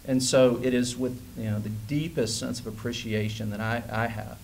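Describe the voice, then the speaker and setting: A man in his forties giving a conference keynote, telling a personal story with lively, acted-out dialogue. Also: medium pitch, normal speed, a little hiss or hum. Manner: animated storyteller who acts out quoted dialogue. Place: conference hall stage.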